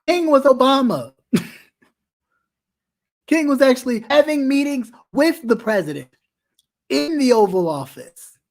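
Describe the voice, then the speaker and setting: A man's voice: very high voice, lively intonation, measured pace, creaky, long pauses. A man hosting a talk show, giving impassioned commentary and often restarting his sentences as he presses a point. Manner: emphatic, with many repeated restarts.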